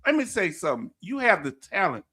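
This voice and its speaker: Male livestream host, Southern accent, fairly high voice, laughs easily and trips over his words. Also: very animated, fairly quick, sharp tone, slightly rough. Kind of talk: casual livestream chat, reading viewer comments.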